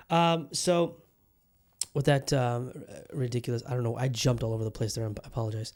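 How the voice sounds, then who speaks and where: A man's voice: mid-range voice, steady tone, brisk, a little mellow. A man hosting a podcast in loose casual chat, rambling with frequent swearing and restarts. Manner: rambling, profane and self-interrupting. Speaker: podcast host.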